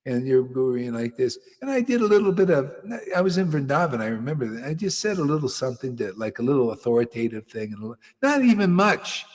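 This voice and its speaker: Animated, scolding spiritual teacher man. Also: a little high, quick pace, hardly any pauses, in a large hall. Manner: scolding, mocking, dramatic swings. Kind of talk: animated storytelling talk.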